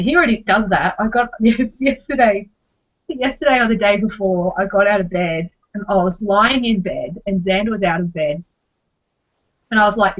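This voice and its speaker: Chatty Australian woman, muffled lo-fi sound. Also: medium pitch. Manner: chatty, exasperated, swears casually. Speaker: podcast co-host. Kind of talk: casual chat. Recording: slightly muffled lo-fi audio.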